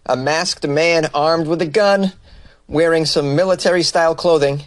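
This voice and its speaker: A man's voice: a little high, fairly even intonation, moderate pace, no echo. A man hosting a comedy news podcast, reading odd stories and riffing on them with sarcastic asides.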